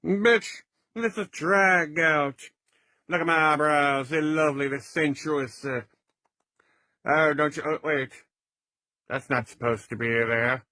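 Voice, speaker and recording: A man's voice: a little high, slow, long pauses, sharp tone, dry recording. A man voicing a brash, flirtatious drag queen alter ego in a comedy sketch, drawling and sassy. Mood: sassy flirty.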